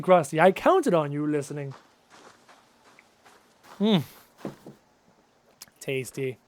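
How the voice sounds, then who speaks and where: Upbeat high-voiced gaming streamer, a man. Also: sing-song, slow pace, pauses often, a little mellow. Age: around 30. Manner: upbeat, chatty, answers viewer questions. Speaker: gaming livestreamer. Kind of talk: casual live-stream chat while playing.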